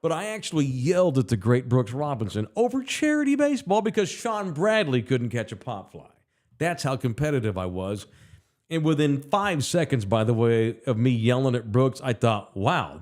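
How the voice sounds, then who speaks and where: A male podcast host with a drawl tells his stories casually and swears freely. His voice sits at an ordinary middle pitch, and he talks with plenty of animation. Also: moderate pace. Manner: profane, animated storyteller. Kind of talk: casual storytelling chat.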